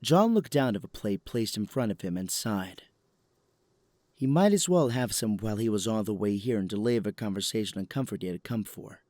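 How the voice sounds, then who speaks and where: A man narrating a story in calm, even scripted narration for an audio drama. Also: fairly low pitch, moderate pace, no echo.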